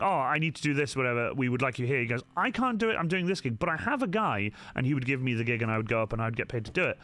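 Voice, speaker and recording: Male streamer, rambling and halting, expressive pitch, light music underneath. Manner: rambling, hesitant, full of restarts and ums. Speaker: cosplayer streaming to viewers. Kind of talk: casual live-stream chat.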